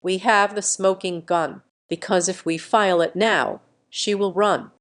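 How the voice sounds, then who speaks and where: A woman reading the lines of a calm, resolute older father in a story, firm and measured. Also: medium pitch, natural voice.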